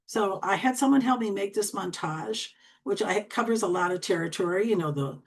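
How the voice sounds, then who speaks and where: This is a woman in her sixties, originally from Wisconsin, with an Upper Midwest American accent. She speaks quickly and chattily as she runs an online training, with a folksy, friendly delivery. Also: mid-range voice. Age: 60s. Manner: chatty, fast-talking and folksy. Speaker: LinkedIn coach.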